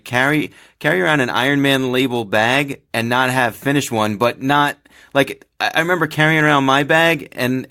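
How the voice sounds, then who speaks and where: A man's voice: medium pitch, bright, forceful tone. A man hosting a podcast, chatting casually with a guest and often laughing. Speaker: podcast host. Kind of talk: casual interview.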